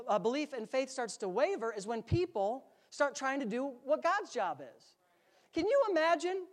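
Joking, conversational male pastor preaching. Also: very high-pitched. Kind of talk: sermon. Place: church sanctuary.

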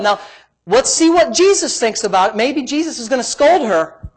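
A middle-aged man, a pastor with a high voice, preaching emphatically and dropping from quiet asides to loud exclamations. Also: big pitch swings, normal speed, slightly rough. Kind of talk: sermon.

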